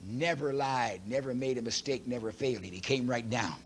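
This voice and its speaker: A man preaching a sermon, emphatic and preachy, swinging between loud declarations and hushed asides, and reading scripture aloud quickly. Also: mid-range voice, slight background noise.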